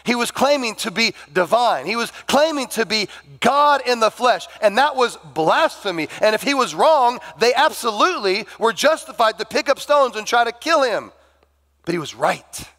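A man preaching a sermon as pastor, animated and acting out the dialogue of the people in his story. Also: extremely high pitch, moderate pace. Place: church sanctuary.

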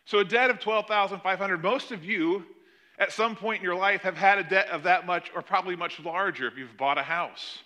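A man preaching a sermon, retelling a parable with animated emphasis. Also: high voice, fairly quick. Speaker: pastor.

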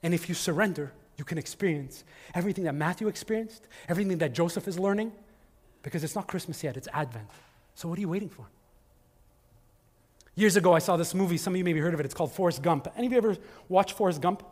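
A middle-aged male pastor giving a conversational sermon in a church, swinging from loud emphasis to hushed asides. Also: high voice, expressive, quick pace. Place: church sanctuary. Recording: long hall reverb with faint music.

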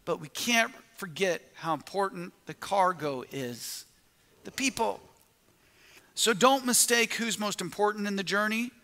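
A man's voice: sits high, unhurried, bright, forceful tone, long reverb tail. A man preaching a sermon, telling a story with quoted asides and frequent restarts.

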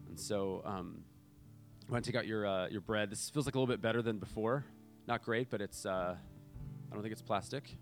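A man with a fairly low voice delivers an impassioned sermon to his congregation. He piles up repeated phrases and leans in hard, then sinks to a hushed, earnest prayer as soft guitar plays behind him. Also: normal speed, vocal fry. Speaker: pastor. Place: church sanctuary.

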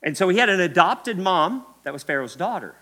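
A man's voice: high-pitched, sing-song, a little fast, bright, forceful tone. A man from Kentucky with a Kentucky accent, preaching a sermon as a pastor in a church, repeating key phrases with emphasis and speaking straight to the congregation. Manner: emphatic, repetitive, addresses the congregation directly.

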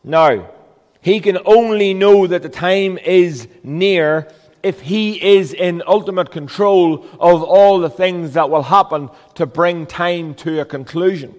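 A man's voice: high-pitched, slow pace, big-room sound. A man preaching a sermon as a pastor, earnest and emphatic, with rhetorical questions.

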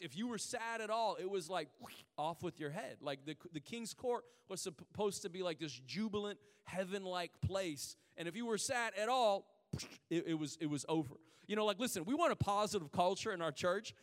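Male pastor, high voice, conversational sermon, long hall reverb. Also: animated. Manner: conversational storytelling, drawn-out emphatic pauses.

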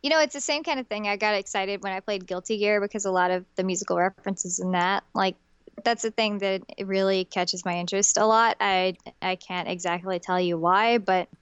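A woman's voice: mid-range voice, a little fast, a bit bright, clear, resonant tone, no room sound. A young woman co-hosting a podcast, chatting casually with many fillers and restarts. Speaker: podcast co-host. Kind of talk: casual chat.

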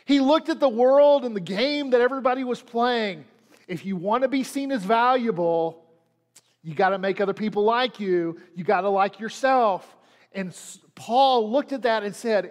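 A man's voice: sits high, normal speed, long reverb tail. A man preaching a sermon as pastor, repeating lines and leaning hard on them for emphasis. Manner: preaching with dramatic emphasis and repetition.

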